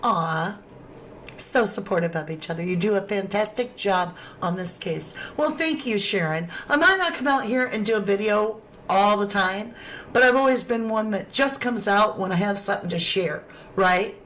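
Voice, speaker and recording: Middle-aged woman, livestream host reading chat aloud, warm and affectionate delivery. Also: mid-range voice, lively intonation, normal speed, slight background noise. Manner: affectionate, calls viewers sweetheart and lovelies. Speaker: true crime livestream host.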